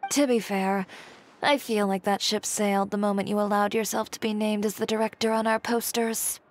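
A woman voicing a dry, teasing young woman in a fan voice dub, speaking in a deadpan way. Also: medium pitch, normal speed, a little hiss or hum, lightly acted.

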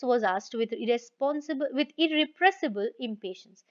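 A woman's voice: on the high side, brisk, hardly any pauses. Brief: woman teacher reading a story and paraphrasing it plainly, muffled recording. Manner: reads a passage, then restates it in simple words. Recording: dull lo-fi recording.

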